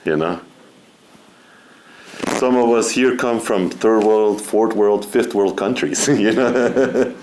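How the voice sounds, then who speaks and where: A middle-aged man speaking as a guest at a seminar, relaxed and conversational, often saying "you know" and laughing between points. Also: lowish voice, slow pace, pauses often, a little hiss or hum. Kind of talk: informal spiritual talk.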